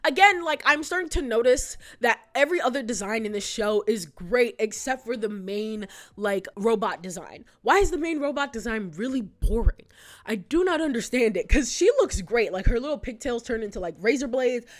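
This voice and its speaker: A woman's voice: fairly high pitch, lively intonation, normal speed. A woman in her twenties talking casually as a video host, chatty and full of asides and rhetorical questions. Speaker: YouTube host. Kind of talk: casual retrospective commentary.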